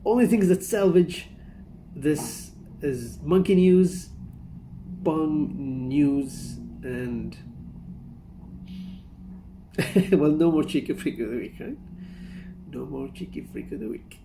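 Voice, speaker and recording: A man's voice: fairly high pitch, animated, slow, pauses often, mellow, a little hiss or hum. A man hosting a casual reaction commentary, rambling and amused, often breaking into laughter. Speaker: reaction video host.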